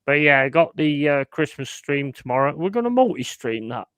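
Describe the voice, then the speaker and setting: A man's voice: on the high side, very animated, normal speed, a bit bright, clear, resonant tone, no echo. A man hosting a live stream, chatting casually and bluntly, swearing and joking with his chat.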